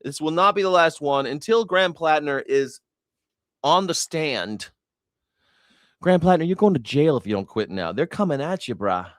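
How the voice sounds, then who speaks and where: This is a man hosting a reaction show, riffing in blunt, profane commentary. His voice sits somewhat high for a man. The sound is close and dry, with no room around it. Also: lively intonation, normal speed, no echo. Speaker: news reaction host. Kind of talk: casual commentary.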